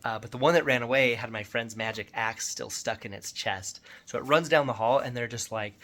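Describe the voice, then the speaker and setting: A man's voice: mid-range voice, fairly even intonation, brisk, hardly any pauses, fairly bright tone. A middle-aged man casually recapping a tabletop game session he ran for his son, chatty and self-deprecating. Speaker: dungeon master recapping his son's game.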